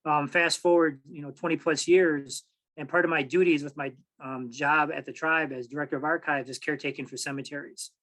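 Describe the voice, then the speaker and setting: A man in his forties from Michigan, telling a personal story at a public talk in an easy, halting way with many pauses and restarts. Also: on the high side, steady tone, fairly bright tone, low-quality recording. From Michigan, USA. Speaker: tribal archives director, speaker.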